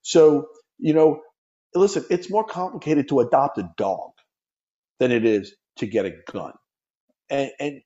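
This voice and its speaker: Middle-aged guy from the us, earnest and pushy, mellow voice, kinda dull audio. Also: mid-range voice. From United States. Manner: earnest, emphatic, repeats words when pressing a point. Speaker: gun safety activist guest. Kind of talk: impassioned interview talk.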